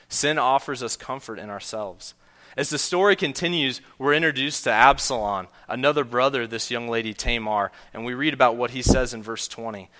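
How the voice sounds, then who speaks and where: A man preaching a sermon earnestly, often letting his voice drop soft and low on key points. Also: brisk. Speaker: pastor.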